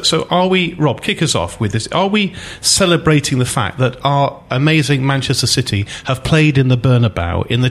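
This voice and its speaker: A man hosting a casual football chat, asking lively rhetorical questions. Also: medium pitch. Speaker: podcast host.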